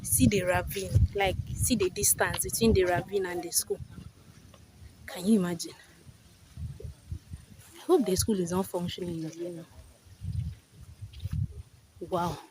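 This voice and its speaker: Nigerian woman walking and talking on her vlog, out of breath, keeps saying she can't believe it, clear outdoor noise behind her. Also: mid-range voice, big pitch swings, unhurried, pauses often. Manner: exclaiming, incredulous, chatty. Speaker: vlogger. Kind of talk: walking tour vlog commentary. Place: outdoors, hilly neighbourhood.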